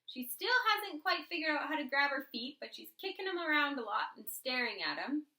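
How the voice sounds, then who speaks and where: A woman teacher reading a picture book aloud to children in an expressive, animated way. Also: high-pitched, fairly quick. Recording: roomy echo.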